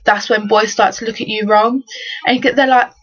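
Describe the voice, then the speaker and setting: A woman's voice: mid-range voice, flat delivery, brisk, fairly bright tone. Teenage girl, exasperated slangy storytelling, casual vlog rant, dull lo-fi recording. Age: teens. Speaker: vlogger. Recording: dull lo-fi webcam audio.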